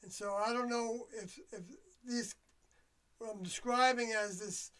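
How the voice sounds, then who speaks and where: An older livestream host speaks in a rambling, reflective solo monologue. The speech is halting, with trailing phrases and pauses while searching for words. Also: mid-range voice, steady tone, a bit bright, clear, resonant tone. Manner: reflective and confiding. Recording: voice a bit distant from the mic.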